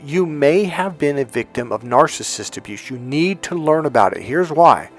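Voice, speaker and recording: A man's voice: fairly high pitch, lively intonation, normal speed, hardly any pauses. A man hosting a dating advice talk, telling his own story in a candid, emphatic way and repeating phrases for stress. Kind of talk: personal storytelling monologue.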